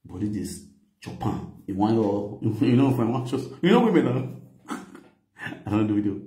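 A man's voice: fairly low pitch, lively intonation, normal speed, dark tone, echoey room. A middle-aged man speaking Nigerian Pidgin English, animatedly telling a story with quoted dialogue and frequent laughter. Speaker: vlogger. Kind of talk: casual storytelling to camera.

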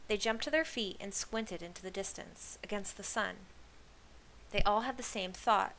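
A woman reading a children's novel aloud as host, with lively storytelling delivery. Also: mid-range voice, moderate pace, vocal fry, slight background noise.

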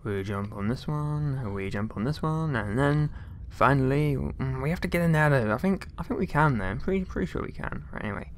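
A man's voice: mid-range voice, lively intonation, a little fast, few pauses, a little hiss or hum. A man giving casual gameplay commentary, rambling along with jokey, mock-outraged asides and mild swearing. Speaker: let's play gamer.

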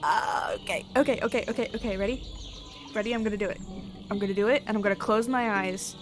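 A woman's voice: mid-range voice, fast, over music. A woman streaming a horror game, squeamish and nervous, repeating words and laughing often through a headset mic.

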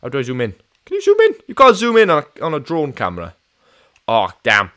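Excitable gamer with a bright, forceful voice. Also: male voice, mid-range voice, fast. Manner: excitable, swings between loud yelps and muttered asides. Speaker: gaming channel host. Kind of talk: joking cop role-play during multiplayer gameplay.

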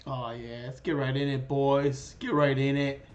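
A man's voice: medium pitch, flat delivery, a little slow, muffled recording. A young man streaming a video game, talking in a hyped, goofy way and swearing a lot. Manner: hyped, goofy, swearing, puts on a mock leprechaun voice. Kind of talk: casual gaming stream chat.

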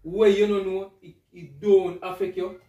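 Insistent Jamaican man, high voice, echoey room. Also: level tone, a little slow, dark tone, highs cut off. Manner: insistent, lecturing, repeats himself. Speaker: vlogger husband. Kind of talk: casual couple argument. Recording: echoey room, mic far off.

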